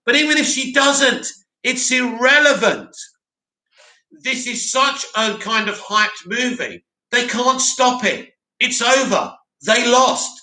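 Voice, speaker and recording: Man, sore throat, high voice, very bright tone, blunt livestream host, roomy echo. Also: animated, slow. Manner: blunt, opinionated, reads comments aloud. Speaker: livestream host reading chat. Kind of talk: casual livestream commentary.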